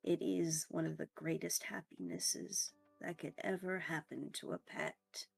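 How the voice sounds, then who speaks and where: A gentle old she-dog, wise and tender, speaking low and soft in a tabletop game, as a woman game master puts her on. The delivery is slow and unhurried, with a quiet, warm calm. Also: vocal fry, husky, faint music behind, full character voice.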